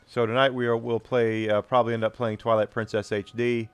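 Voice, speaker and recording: A man's voice: medium pitch, level tone, brisk, clean tone, no room sound. A man streaming a video game, chatting casually and rambling to his viewers as he plays. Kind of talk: casual live-stream chat while playing.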